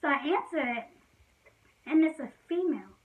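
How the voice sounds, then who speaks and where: Young woman, high voice, chatty storytime vlog, lots of fillers, mic a bit distant. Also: moderate pace. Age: young adult. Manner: chatty, fillers like "like", frequent laughs. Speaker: vlogger telling a personal story. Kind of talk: casual storytime chat.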